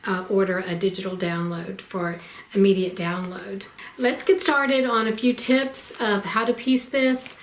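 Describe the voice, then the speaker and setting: A middle-aged woman giving a casual quilting tutorial, explaining each step plainly with frequent ums. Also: medium pitch. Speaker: quilting instructor.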